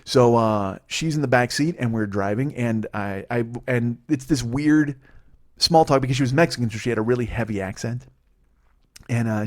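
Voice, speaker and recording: A man's voice: medium pitch, moderate pace. A man in his forties from Illinois hosts a comedy podcast, telling rambling, heavily profane, self-mocking stories. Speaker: podcast host. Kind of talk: comedic storytelling monologue.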